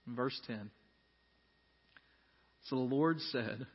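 A man preaching a sermon as pastor, earnest, swinging from quiet reflection to loud emphasis. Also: mid-range voice, normal speed, husky. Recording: dull sound in a reverberant hall.

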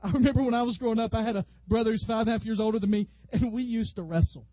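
A man with a high voice preaches a sermon. He tells stories with lively energy and bursts out loudly when acting out what people said. The recording is dry and slightly dull. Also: very fast, no room sound. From Tennessee, USA. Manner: animated, storytelling preacher who acts out quotes loudly. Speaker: pastor.

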